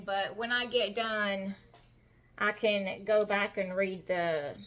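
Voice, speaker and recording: A middle-aged woman with a Southern American drawl talks her viewers through a baking recipe. She is chatty and homey, with a folksy warmth in how she phrases things. She is recorded in a home kitchen. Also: mid-range voice. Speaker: home-cooking vlogger. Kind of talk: casual cooking demonstration.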